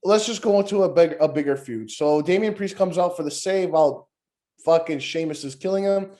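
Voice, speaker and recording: A man's voice: on the high side, fairly quick. A man co-hosting a podcast, casually reviewing wrestling and ranting with a lot of swearing. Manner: profane, rambling, animated ranting. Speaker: podcast co-host.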